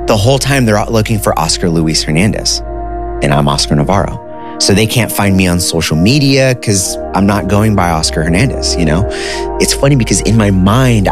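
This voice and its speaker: A man in his thirties casually telling a personal story, with a conversational manner full of "like" and "dude". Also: sits low. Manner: conversational, uses filler like "like" and "dude".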